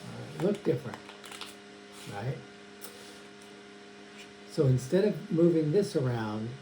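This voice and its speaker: A man casually teaching a magic trick, chatting and addressing an imagined audience of kids. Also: mid-range voice. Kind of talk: casual tutorial demonstration. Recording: echoey room with mains hum.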